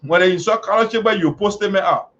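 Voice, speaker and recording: A man's voice: sits high, a little fast, fairly bright tone. A man hosting an online show, delivering heated political commentary full of mocking, chanting jeers. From Liberia. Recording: dull lo-fi audio.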